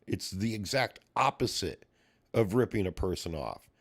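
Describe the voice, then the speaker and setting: A man's voice: low-pitched, sing-song, moderate pace, creaky. A man streaming live, talking in a profane, heated rant with rising exasperation and mimicking other people in quotes. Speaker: livestreamer and puzzle collector. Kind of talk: ranting livestream talk.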